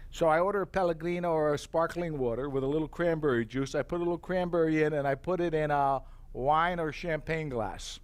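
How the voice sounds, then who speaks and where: A middle-aged man giving a live sales pitch for tableware, an animated storyteller who acts out his own reactions.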